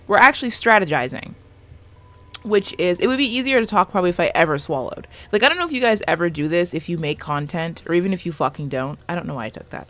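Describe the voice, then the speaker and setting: A woman in her twenties doing casual let's-play commentary from a small room, rambling and self-deprecating, swearing often. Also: on the low side. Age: 20s. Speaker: gaming YouTuber. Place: small room with a fan running.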